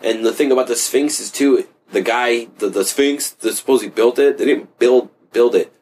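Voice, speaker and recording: A man's voice: mid-range voice, moderate pace, darkish tone, breathy edge. A man in casual conversation, rambling loosely with lots of fillers and offhand swearing.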